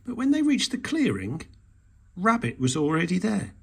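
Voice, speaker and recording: A man reading a children's storybook aloud in a slow, expressive way. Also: high voice, gravelly, husky.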